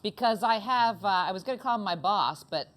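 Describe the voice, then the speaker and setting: A woman's voice: medium pitch, expressive. A woman from Canada hosting an interview show from a music club, cracking jokes and teasing her guests in playful banter. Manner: joking, teasing, quick quips. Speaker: talk show host.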